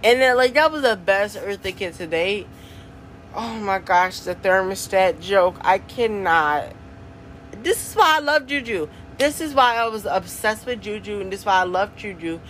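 A woman's voice: medium pitch, expressive, moderate pace, fairly bright tone. Young woman podcaster, casual slangy chatter with easy laughs, faint noise underneath. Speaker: podcast host. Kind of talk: casual solo podcast chat.

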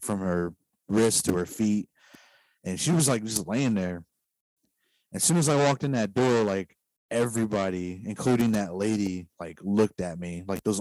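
A man with a fairly low voice tells a story in a loose, rambling way, leaning on "like" every few words. The sound is dry and close, with no room echo. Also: a little mellow. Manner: rambling, heavy use of "like" fillers. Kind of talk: casual storytelling.

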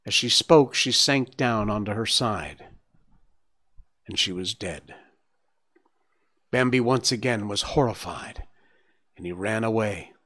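A man narrating a storybook in a measured, dramatic reading. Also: on the low side, bright, forceful tone. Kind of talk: audiobook reading.

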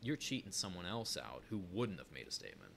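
A man with a fairly low but bright, forceful voice, talking casually on a podcast. He is opinionated and chatty, with fillers and restarts. A faint ambient hiss sits behind him. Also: huge pitch swings, quick pace, creaky. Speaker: podcast co-host. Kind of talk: casual chat, reading news aloud.

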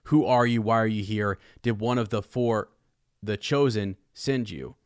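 A man voices a cold, scheming sorceress who gives orders and threatens calmly. The voice sits low and close, with a dry sound and almost no room around it, read out from a fantasy storybook. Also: measured pace, smooth, no room sound, close to an everyday voice.

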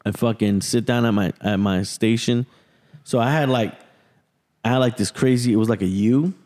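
A man's voice: medium pitch, moderate pace, darkish tone. A man, the host of a podcast, telling a long and profane story in casual chat. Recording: long hall reverb.

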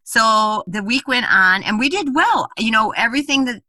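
A woman host casually telling a funny travel story, animated and laughing, with many filler words and frequent swearing. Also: a little high, moderate pace, dry recording, distant mic.

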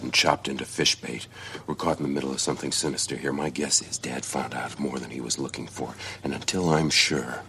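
Grumpy pushy adventurer, super deep gravelly voice, blunt and curt. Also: male voice, fairly bright tone, slight background noise, heavily acted. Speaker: film character. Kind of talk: film dialogue.

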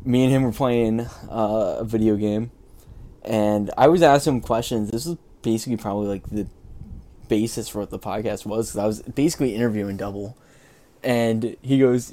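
A man's voice: on the low side, normal speed, dark tone. A young man co-hosting a podcast, telling stories in a rambling, casual way with many restarts. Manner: rambling storyteller, trailing restarts. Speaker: podcast co-host. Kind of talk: casual chat.

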